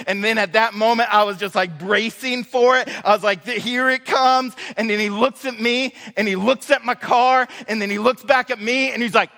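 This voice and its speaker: A man's voice: high voice, a little fast, pushed and bright. A man, preaching a sermon as a pastor, telling a story in a casual, joking way with many fillers. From Northwest Arkansas. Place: church sanctuary. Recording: reverberant church hall.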